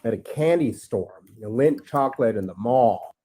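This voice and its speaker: A man's voice: mid-range voice, lively intonation, normal speed, dark tone. A man talking as a podcast guest, rambling and aggrieved, swearing freely. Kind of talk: ranting podcast talk.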